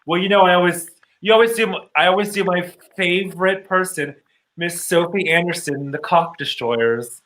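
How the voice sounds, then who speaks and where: A man's voice: high-pitched, normal speed, fairly bright tone, slight background noise, rough recording. A man co-hosting a casual chat, giggly and enthusiastic. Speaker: co-host, drag queen.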